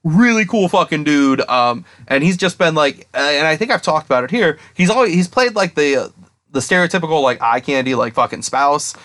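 A young man co-hosting a casual podcast, rambling excitedly and swearing constantly as he retells a story. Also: a little high, fairly quick. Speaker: podcast co-host. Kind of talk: casual chat.

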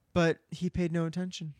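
A playful man co-hosting a book podcast, jumping in with quick asides and plenty of "like". His voice sits a bit high, and the sound is dry and close. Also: no room sound. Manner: playful, chiming in, "like"-heavy. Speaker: podcast co-host. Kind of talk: casual chat.

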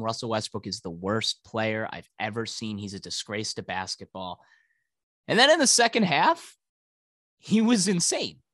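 A man's voice: mid-range voice, sharp tone, no room sound. A male podcast co-host ranting about sports in casual, profane talk.

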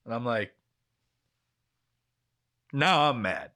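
A man in his twenties telling an animated story in casual podcast chat, swearing freely. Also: medium pitch, very slow. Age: 20s. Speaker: podcast co-host.

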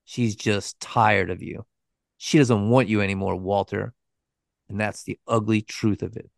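Guy putting on a nasty mocking killer, gravelly, orders people around, true crime retelling. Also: on the low side, fairly even intonation, unhurried, no echo, studio quality. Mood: cold, taunting. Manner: mocking, cruel, commanding. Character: sadistic taunting male killer, adult.

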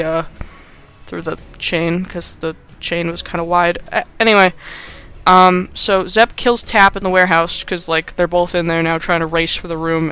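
Rambling, bright-voiced man recapping a film. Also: sits high, clean tone. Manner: rambling, animated, many fillers. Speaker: podcast host.

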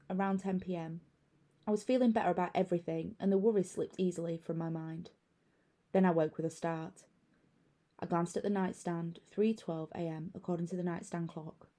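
Mellow-voiced woman narrating a horror tale. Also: fairly low pitch. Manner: measured, building unease. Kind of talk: first-person horror story narration.

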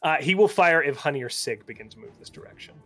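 A man narrating a tabletop game as game master, relaxed and hesitant with many fillers. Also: a little high, quick pace, faint music behind.

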